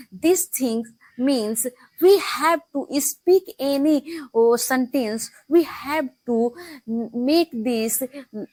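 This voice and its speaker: A young woman talks through her practice with many pauses and restarts. Her voice sits somewhat high. The sound is close and dry, with no room around it. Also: no room sound. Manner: halting, many fillers and restarts. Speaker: English learning vlogger. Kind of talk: casual talk to camera.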